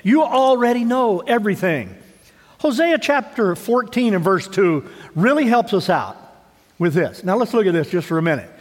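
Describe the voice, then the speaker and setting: A man preaching a sermon in a church, his voice sitting notably high for a man. He talks conversationally, tosses out rhetorical questions and often stumbles back over his own words. Long reverb from the sanctuary trails each phrase. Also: very animated, moderate pace. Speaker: pastor.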